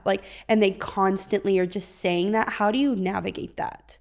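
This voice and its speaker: A woman's voice: medium pitch, steady tone, moderate pace, few pauses, darkish tone. Chatty woman podcast host. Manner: chatty, lots of agreeing fillers. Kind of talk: casual podcast chat.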